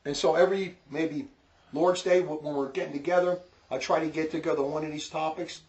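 A man's voice: a little high, steady tone, a little mellow, muffled recording. A man with a New Jersey accent giving an informal religious lecture, talking emphatically and repeating his points. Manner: emphatic, repetitive, quick to scold. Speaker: religious teacher.

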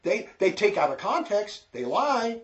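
A man with a New Jersey accent lectures on faith in an emphatic, repetitive way, pressing his points again and again. His voice sits a little higher than most men's. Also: big pitch swings, muffled recording. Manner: emphatic, repetitive, quick to scold. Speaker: religious teacher. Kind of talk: informal religious lecture.

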